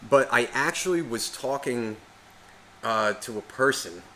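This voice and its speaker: Guy ranting on his podcast, swears every other word, rambles on, average pitch. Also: animated, a little slow, sharp tone, slight background noise. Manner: rambling, swears constantly, rants. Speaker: podcast co-host. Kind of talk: casual podcast chat.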